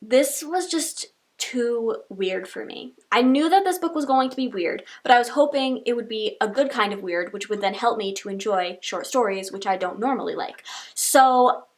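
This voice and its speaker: A woman's voice: fairly high pitch, brisk. A young woman chatting casually through a book wrap-up, rambling with lots of "like" fillers. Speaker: book reviewer. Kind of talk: casual monthly reading wrap-up.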